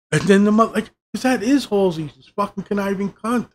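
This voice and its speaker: Man, slightly high voice, exasperated swearing reviewer, faint hiss behind. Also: fairly quick, few pauses, darkish tone. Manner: swears constantly, exasperated, mock-quotes characters. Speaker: show reviewer. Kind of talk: profane ranting review.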